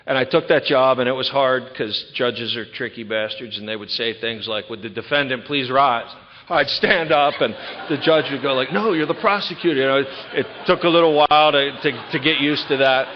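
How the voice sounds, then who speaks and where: A man's voice: mid-range voice, slight background noise. Man telling his story in an echoing hall. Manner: animated storytelling with quick asides. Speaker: recovery speaker. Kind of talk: personal recovery talk at a retreat. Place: large hall at a retreat. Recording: dull sound with long hall reverb.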